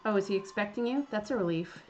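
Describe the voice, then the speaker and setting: A woman's voice: medium pitch, fast talker, a little mellow, soft background music, lightly acted. A woman voicing a polite, fussy young British male botanist with a British accent, formal, earnest and stammering, in a game.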